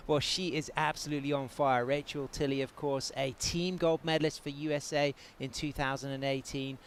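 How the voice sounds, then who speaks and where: A man's voice: mid-range voice, flat delivery, fairly quick, slight background noise. A man with an English accent doing live play-by-play commentary on a surfing contest. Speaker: surf commentator.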